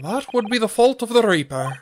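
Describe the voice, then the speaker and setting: A grandiose, boastful rich gentleman with a put-on Irish lilt, as a game streamer acts him out. The voice swings widely in pitch and stays indignant and theatrical, with game music playing behind it. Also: big pitch swings, brisk, lightly acted. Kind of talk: reading game dialogue aloud.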